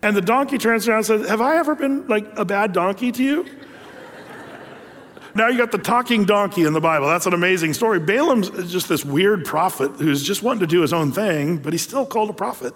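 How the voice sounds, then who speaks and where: A male pastor giving a sermon, reading scripture and retelling stories in a conversational, animated way. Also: sits high, quick pace, hardly any pauses, in a large hall.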